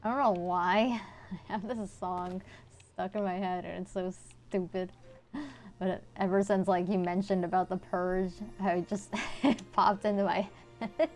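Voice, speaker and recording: A woman's voice: lowish voice, fairly even intonation, a little slow, darkish tone, soft background music. A woman game streamer chatting casually with her viewers while she plays, blunt and swearing freely. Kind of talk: casual live-stream chat.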